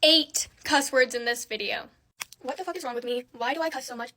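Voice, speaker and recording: A woman's voice: high-pitched, fairly quick, bright, forceful tone. A young woman doing a makeup tutorial voice-over, counting aloud and scolding herself in dramatic exasperation. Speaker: beauty creator.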